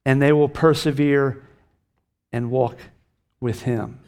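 A man's voice: medium pitch, steady tone, takes it slowly, a little mellow, clear, resonant tone. A middle-aged man preaching a sermon as pastor, earnest and emphatic, lifting his voice on key phrases.

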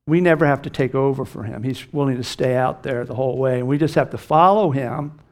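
A man's voice: mid-range voice, brisk, a little mellow. A middle-aged man preaching a sermon as pastor, earnest and emphatic, lifting his voice on key phrases.

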